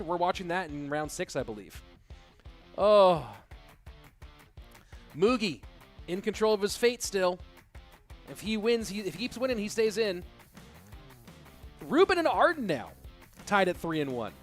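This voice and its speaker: A man casting a live esports match, excitable and incredulous, often breaking into laughter. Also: sits high. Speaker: esports caster.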